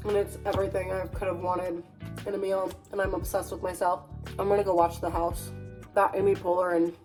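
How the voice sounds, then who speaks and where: A woman's voice: medium pitch, darkish tone. A young woman talking casually and emotionally to camera in her home kitchen, swearing freely as she cooks and chats. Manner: profane, emotional, chatty. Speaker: vlogger. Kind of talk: casual vlog chat.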